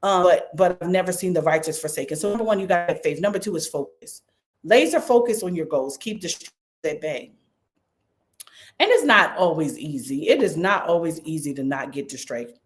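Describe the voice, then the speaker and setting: Animated woman pastor preaching. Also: fairly low pitch, brisk. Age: 50s. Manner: animated, conversational, addressing the crowd as y'all. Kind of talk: sermon.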